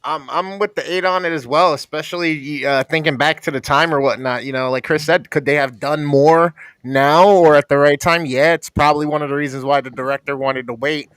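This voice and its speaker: A man's voice: on the high side, steady tone, brisk, hardly any pauses, fairly bright tone, smooth, no room sound. A man co-hosting a casual movie review chat, laid-back and slangy. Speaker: podcast co-host.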